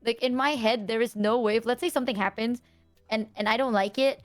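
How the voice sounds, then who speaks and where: A woman's voice: fairly high pitch, steady tone, brisk, faint music behind. A woman chatting casually, earnest and rambling as she explains herself. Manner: earnest, rambling, lots of fillers and quoting herself. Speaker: streamer. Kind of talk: casual chat.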